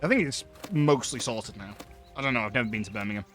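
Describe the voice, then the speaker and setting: A man's voice: lowish voice, fast, fairly bright tone, soft background music. A man chatting casually while streaming a game, rambling with lots of ums and asides.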